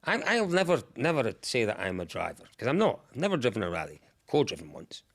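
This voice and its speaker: A male podcast guest tells stories with big swings in pitch and a gravelly edge. He talks in a vivid, excitable way and swears freely. His tone is casual and conversational. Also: fast talker. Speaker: podcast guest, rally commentator. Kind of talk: animated storytelling in casual chat.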